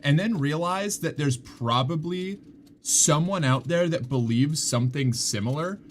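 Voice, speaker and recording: A man's voice: on the high side, measured pace. A man casually chatting on a live stream, rambling with many restarts and laughing at his own jokes. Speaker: streamer reading chat.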